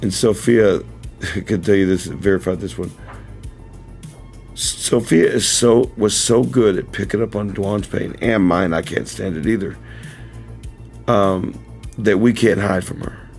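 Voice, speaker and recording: A man's voice: fairly low pitch, a little slow, long pauses, a little mellow, soft background music. A man hosting a casual livestream, telling a story in a rambling, self-correcting way with frequent chuckles, then speaking earnestly and directly to his viewers. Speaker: livestream host. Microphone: camera mic.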